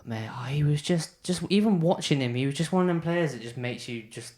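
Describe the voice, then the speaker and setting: A man's voice: a little high, expressive, fairly quick, darkish tone. A man, co-hosting a casual football podcast, enthusiastic and calling his friend "mate". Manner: chatty, says "mate" a lot, enthusiastic. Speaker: podcast co-host.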